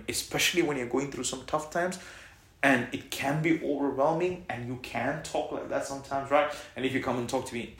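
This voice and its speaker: A man's voice: mid-range voice, normal speed. Preaching man in an echoey church. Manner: call-and-response preaching, swings from loud to soft. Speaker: pastor. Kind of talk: sermon. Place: church hall.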